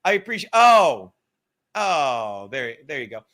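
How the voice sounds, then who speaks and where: High, bright-voiced man ranting profanely. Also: measured pace. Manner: profane, rambling, animated. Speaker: livestream host. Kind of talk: casual livestream rant.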